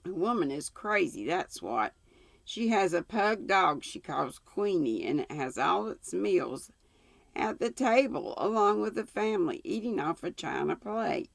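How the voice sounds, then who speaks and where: A woman's voice: fairly low pitch, very animated, unhurried, gravelly, dry recording, heavily acted. A woman reading the part of a blunt, gossipy older village woman in a storybook reading. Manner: blunt, disapproving.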